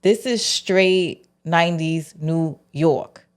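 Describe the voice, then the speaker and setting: A woman's voice: low voice, slow pace, clear, resonant tone. A woman host breaking down a TV episode in casual, slangy chat, acting out the characters' lines as she goes. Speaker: TV recap host.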